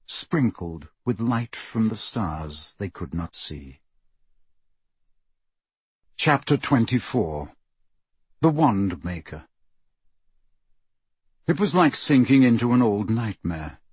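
A man narrating an audiobook in a measured, somber way on a close studio mic. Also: fairly low pitch, slightly rough, no echo.

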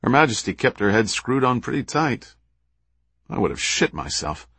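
A man voicing a gruff, profane American intelligence officer in an audiobook. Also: medium pitch, big pitch swings, normal speed, fairly bright tone, no room sound, pitched above the performer's own voice, full character voice. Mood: blunt.

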